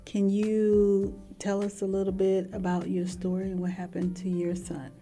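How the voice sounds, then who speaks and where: A woman hosting a podcast interview, asking brief, gentle questions. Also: medium pitch, completely flat delivery, normal speed, faint music behind. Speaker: podcast host.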